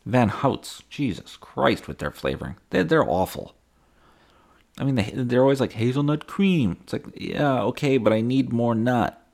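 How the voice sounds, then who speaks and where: A man's voice: medium pitch, lively intonation, normal speed, vocal fry, darkish tone. A young man hosting a casual solo podcast, rambling, sarcastic and profane, slipping into mocking voices. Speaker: podcast host.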